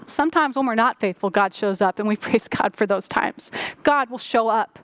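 A woman's voice: fairly high pitch, moderate pace, a bit bright, no echo. A woman pastor preaching a sermon, rising and falling for emphasis and slipping into prayer.

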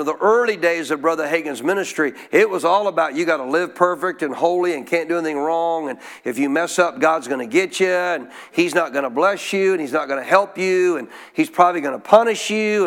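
A man with a high-pitched voice preaches a sermon with emphatic call-and-response. He keeps asking the congregation questions and urging them to say lines back to him. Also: a bit bright. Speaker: pastor.

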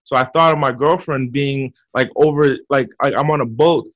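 A man giving motivational advice as a podcast guest, talking in an energetic coaching way with frequent repeats. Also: medium pitch, moderate pace. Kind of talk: motivational interview talk. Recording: muffled lo-fi audio.

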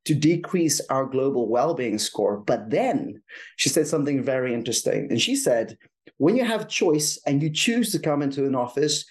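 A man with a South African accent speaks in an enthusiastic, explanatory way. His voice sits at a middling pitch, and he lays out research points on a conversational podcast. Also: lively intonation, moderate pace.

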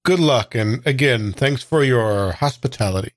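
A man's voice: mid-range voice, expressive, normal speed, no echo, studio quality. Wry man at the game table. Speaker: player. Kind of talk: actual-play role-play.

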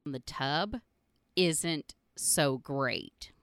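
A middle-aged woman tells stories on her own podcast in a blunt, profane style, laughing often throughout the casual monologue. Her low-pitched voice is a bit bright, with drawn-out words and no echo.

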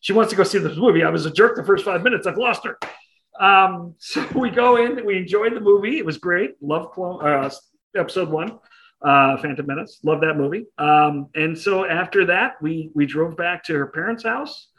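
A man spins a self-deprecating anecdote, acting out the voices of the people in it. His voice is bright and sits a little high. He speaks in a relaxed interview setting. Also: normal speed, rough recording. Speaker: interview guest. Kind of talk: casual storytelling.

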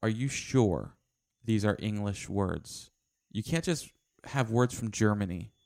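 A man's voice: on the low side, lively intonation, unhurried, creaky, a little mellow, no room sound, studio quality. A man co-hosting a podcast, bantering and teasing his co-host in a stubborn, argumentative way. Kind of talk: casual banter.

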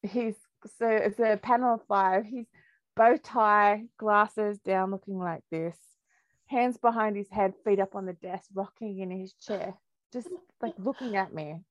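A woman, a podcast guest, telling her story in a candid, lively way and laughing often. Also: medium pitch, unhurried, dry recording. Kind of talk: casual storytelling interview.

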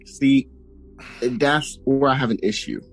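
A man's voice: medium pitch, slow, breathy edge, soft background music, rough recording. A man co-hosting a true crime podcast in casual chat, reacting with jokes and then arguing earnestly. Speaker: podcast co-host.

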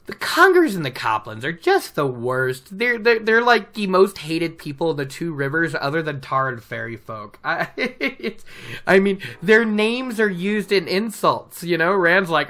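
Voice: mid-range voice, very animated, moderate pace, pushed and bright. A podcast host casually retelling a novel from notes, chatty and laughing between asides. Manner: chatty, laughing, self-interrupting. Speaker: book recap podcast host.

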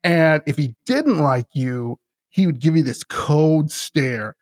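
A man's voice: fairly high pitch, animated, takes it slowly, no room sound, clean studio sound. Eager rambling man telling a tale. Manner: eager, rambling storyteller with many restarts. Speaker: podcast host. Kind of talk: casual chat.

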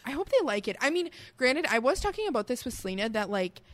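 A woman's voice: fairly high pitch, big pitch swings, fast. A woman co-hosting a podcast in casual chat, rambling and filling nearly every phrase with "like". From American Midwest. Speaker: podcast co-host.

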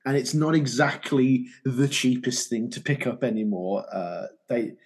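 A man in his thirties hosts a casual podcast chat over a video call. His voice is husky and sits in a middle pitch, and he mostly reacts to his guest with short, dry quips. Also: lively intonation, unhurried, a little mellow. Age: 30s. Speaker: podcast host.

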